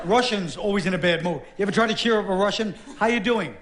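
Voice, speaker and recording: A middle-aged man does stand-up on a stage mic, sardonic and blunt, with gruff quick asides. His voice sits fairly high for a man. A faint hiss of noise runs under the recording. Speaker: stand-up comedian. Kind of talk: stand-up comedy monologue. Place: theater stage with a live audience. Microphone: stage microphone.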